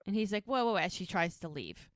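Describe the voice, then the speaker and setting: A woman's voice: medium pitch, big pitch swings, fairly quick, dry recording, studio quality. A woman co-hosting a podcast, casually retelling a TV episode scene by scene, acting out the characters' lines and laughing often. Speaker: podcast co-host recapping a TV episode. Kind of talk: casual chat.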